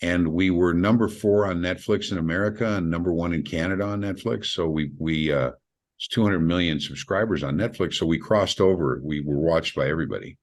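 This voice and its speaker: A middle-aged man, a film director, telling stories in a casual interview, acting out the people he quotes. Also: brisk. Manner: animated, acts out quoted voices with big pitch jumps, laughs.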